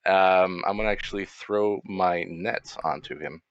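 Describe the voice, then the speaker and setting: A man playing a tabletop game, hesitant and often clearing his throat as he describes his turn. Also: deep voice, measured pace, lo-fi sound, slight background noise. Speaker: player. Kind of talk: casual tabletop play.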